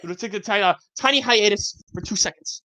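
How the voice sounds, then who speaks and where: A young man in his twenties, co-hosting a casual podcast, rambling through profane childhood stories with animated yelps and laughter. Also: high-pitched, brisk, no room sound. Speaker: podcast co-host. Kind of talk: casual chat, storytelling.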